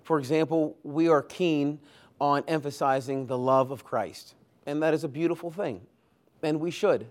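A man's voice: on the high side, moderate pace. Earnest man preaching a Sunday sermon. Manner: earnest, emphatic, builds lists with rising force. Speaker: pastor. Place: church.

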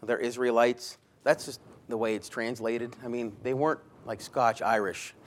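A man's voice: medium pitch, fairly even intonation, normal speed. Man preaching a conversational sermon. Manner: conversational, emphatic, rephrases mid-sentence. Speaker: pastor. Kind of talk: expository sermon.

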